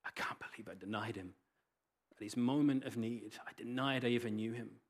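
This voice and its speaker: A man's voice: medium pitch, brisk, natural voice. A man voicing a remorseful fisherman disciple in earnest first-person retelling, plainly his own voice. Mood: rueful, quiet.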